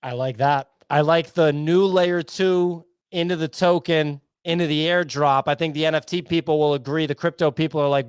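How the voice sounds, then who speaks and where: A man's voice: on the high side, moderate pace, few pauses, clear, resonant tone, no echo, clean studio sound. A man hosting a casual crypto chat on a live audio space, laid-back and wry. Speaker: host.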